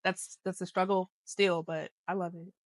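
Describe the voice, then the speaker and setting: Her voice sits on the low side with little pitch movement, at a normal pace, recorded dry. As a podcast co-host she talks casually about her job and life, laughs a lot, and wanders off on tangents.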